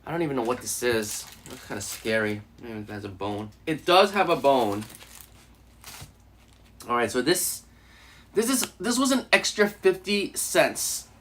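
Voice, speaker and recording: A male streamer chatting casually on a live stream while eating, joking and laughing with his viewers. His voice moves lively up and down in pitch at a middling level. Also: measured pace. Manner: animated, joking, laughing often.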